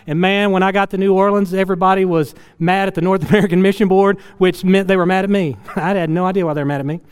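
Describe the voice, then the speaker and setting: Man, middle-aged, pastor, sermon, high voice, smooth tone, earnest storytelling, reverberant hall. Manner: earnest storytelling, swings from loud to hushed and tearful.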